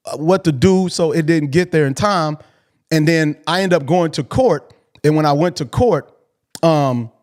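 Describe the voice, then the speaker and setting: A man with a slightly high voice tells a personal story casually on a call-in show. He talks in an animated way, swears freely, and keeps restarting his sentences as he voices the people in it. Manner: animated, swearing, restarts often, acts out quoted lines. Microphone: call-in video chat.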